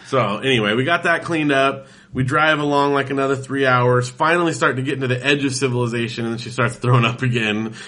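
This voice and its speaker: A man in his thirties with a bright, forceful voice, talking in a loose, casual chat. He tells his story with animation and jumps into the voices of the people in it. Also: medium pitch, fast, hardly any pauses. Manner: animated storyteller, acts out quotes.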